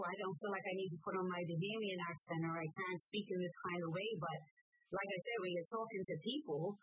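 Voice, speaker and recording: A woman's voice: on the low side, fairly bright tone, low-quality recording. A woman with a Bermudian accent, a local councillor talking casually in an interview with many fillers and restarts. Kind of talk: conversational interview.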